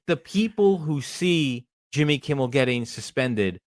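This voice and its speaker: Animated ranting male podcast host. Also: medium pitch, unhurried, dry recording, studio quality. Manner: animated, ranting, many restarts and swearing. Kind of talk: casual ranting podcast chat.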